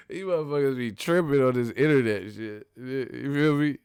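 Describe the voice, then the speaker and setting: A man hosts a boxing vlog, ranting casually and profanely in heavy street slang, repeating himself and laughing often. His mid-range voice has a darkish, clear, resonant tone, and the recording is dry with clean studio sound.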